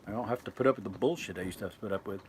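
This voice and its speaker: Racing along in a lowish voice, a vlogger in his boat reads out live-stream comments and chats loosely, rambling and correcting himself; a little hiss or hum runs under the recording.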